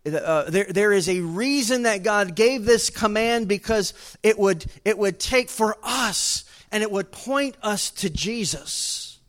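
A male pastor, preaching a sermon in a conversational way that rises to loud, emphatic bursts. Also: sits high, animated, takes it slowly, few pauses.

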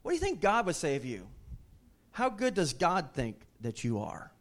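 A man's voice: on the high side, huge pitch swings, normal speed. A middle-aged man preaching a sermon, telling a family story in a folksy way with many restarts. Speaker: pastor.

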